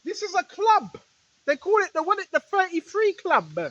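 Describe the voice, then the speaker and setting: Her very high voice has a sing-song quality and normal speed, captured in lo-fi sound with no echo. A woman preacher talks directly to listeners in a rambling spiritual monologue, repeating herself, posing rhetorical questions, and now and then shouting rebukes at spirits.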